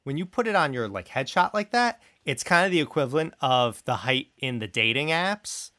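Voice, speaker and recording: A man's voice: mid-range voice, animated, normal speed, sharp tone. A man co-hosting a podcast, joking in a casual, mock-serious way. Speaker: podcast co-host. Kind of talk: casual comedic chat.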